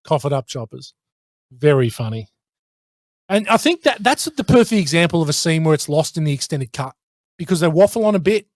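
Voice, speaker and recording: A man hosting a casual film podcast, animated and quick to laugh. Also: on the high side, dry recording, studio quality. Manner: animated, laughs often, acts out movie quotes. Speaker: podcast host.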